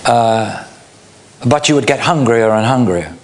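A man preaching a sermon, slow and illustrative, acting out little mock quotes to make his point. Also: mid-range voice, lively intonation, slight background noise.

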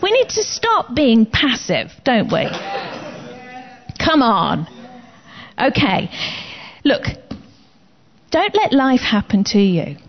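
A woman's voice: wildly swooping pitch, slow, long pauses. A woman preaching a sermon in an emphatic, declaring manner. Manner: emphatic, declaring commands with rising pitch. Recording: slightly dull lo-fi recording.

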